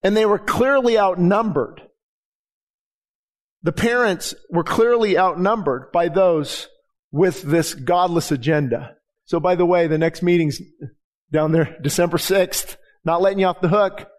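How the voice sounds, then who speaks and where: A man's voice: high-pitched, measured pace. A middle-aged man, a pastor giving a conversational sermon and acting out the dialogue in his stories. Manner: conversational preaching, acts out dialogue in anecdotes.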